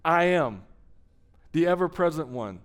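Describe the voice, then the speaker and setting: A pastor preaching a sermon, telling a story with emphasis and slowing down for dramatic pauses. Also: male voice, on the high side, expressive, clean tone.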